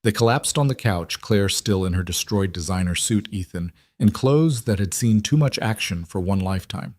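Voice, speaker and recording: Male narrator, low and steady, dry studio sound. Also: moderate pace, no room sound. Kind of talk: scripted story narration.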